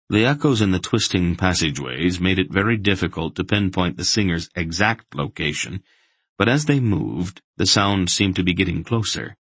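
A man narrating an audiobook in a steady, even storytelling voice. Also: low voice, moderate pace, husky, no echo.

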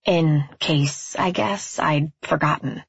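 Husky woman narrating with wry deadpan. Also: low-pitched, slow, dry recording, highs cut off. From California. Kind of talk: first-person audiobook narration.

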